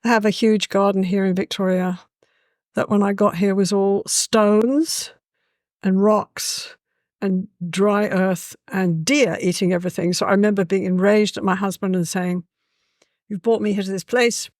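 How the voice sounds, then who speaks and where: A woman tells stories in a lively, chatty way and often says "you know." Her voice sits at an ordinary middle pitch. The recording is dry and close, with almost no room sound. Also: unhurried, dry recording. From England. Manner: lively, warm-hearted, with a frequent "you know". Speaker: guest. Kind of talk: casual conversational storytelling.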